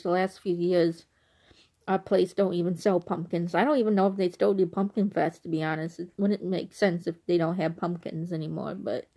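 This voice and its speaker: A woman's voice: on the low side, dark tone. A woman vlogger talking casually to her camera, rambling, with many restarts and asides. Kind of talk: casual reminiscing monologue.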